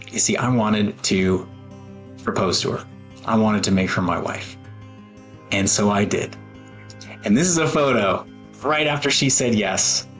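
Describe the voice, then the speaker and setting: A man in his forties telling a personal story in an earnest, emotional way, with pauses and fillers. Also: fairly low pitch. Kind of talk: personal talk with photos.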